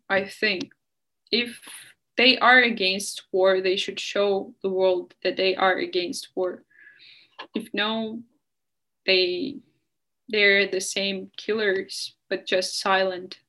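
A young woman from Ukraine, answering an interviewer earnestly and passionately, with frequent halting restarts. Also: mid-range voice, steady tone, sharp tone. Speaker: guest.

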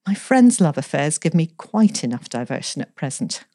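A placid, teasing young woman speaks drily and cheerfully in a mellow, low voice, as a woman reads her part. Her storybook lines are recorded dry and close. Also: sing-song, normal speed, no echo, exaggerated voice.

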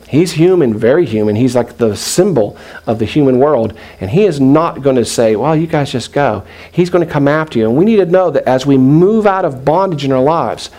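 A middle-aged man preaching a sermon in an animated way, with joking asides and quoted voices. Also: fairly high pitch. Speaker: pastor.

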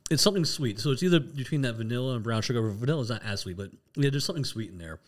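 A man's voice: mid-range voice, expressive, very fast. A man co-hosting a casual whiskey tasting, talking in a rambling way, often restarting and laughing at himself. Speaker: podcast co-host.

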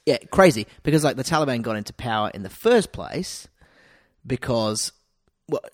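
A man's voice: medium pitch, lively intonation, moderate pace, dry recording. Australian man, podcast co-host, loose banter, close dry mic. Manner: swears freely, puts on silly voices. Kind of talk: casual podcast chat.

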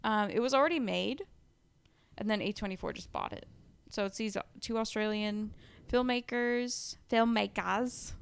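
A woman's voice: mid-range voice, normal speed, gravelly, clear, resonant tone. A young woman co-hosting a podcast, chatting casually and rambling through a movie recap with lots of ums and likes. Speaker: podcast co-host. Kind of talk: casual chat.

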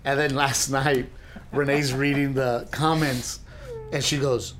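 A man's voice: mid-range voice, measured pace, a little hiss or hum. A middle-aged man, a comedian co-hosting a podcast, chatting casually and telling jokey stories, often mimicking other people. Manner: joking, animated storyteller who mimics others. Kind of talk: casual chat.

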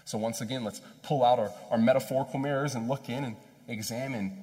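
A man preaching a sermon in a conversational, animated storytelling way, with self-deprecating asides. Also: medium pitch, fairly quick. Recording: long hall reverb.

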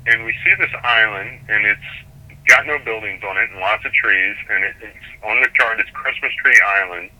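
A man guest in an interview, telling a sailing story in an animated, rambling way with frequent restarts. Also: lowish voice, normal speed, low-quality recording. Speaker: sailor guest.

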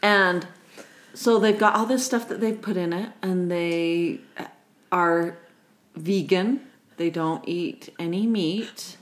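A woman's voice: lowish voice, slow. A woman co-hosting a casual chat, retelling a secondhand story in a wry, giggly way. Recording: roomy echo.

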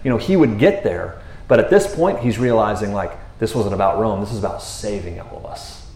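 A man preaching in a relaxed, casual way, acting out the disciples' voices as he tells the story. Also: lowish voice, fairly quick, reverberant. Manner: animated, acts out voices of the disciples. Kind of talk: casual sermon.

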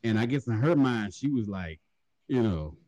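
A man's voice: on the low side, animated, normal speed, a little mellow, a little hiss or hum. A man telling a funny story in a casual podcast chat, swearing often and laughing through it.

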